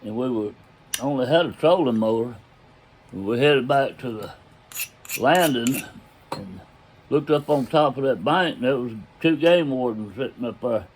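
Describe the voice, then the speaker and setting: A man's voice: mid-range voice, animated, moderate pace, slight background noise. An older man telling a story about his own past in a casual, folksy way. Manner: folksy drawl, loose grammar, chuckles as he tells it.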